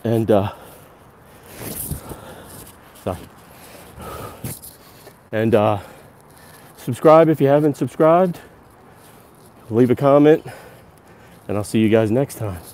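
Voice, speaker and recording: A man's voice: mid-range voice, animated, takes it slowly, pauses often, darkish tone. A man narrating a casual live-stream walking tour outdoors, out of breath from climbing stairs and chatting to his viewers as he goes. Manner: chatty, addresses viewers as guys. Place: outdoors on a hillside park at dusk.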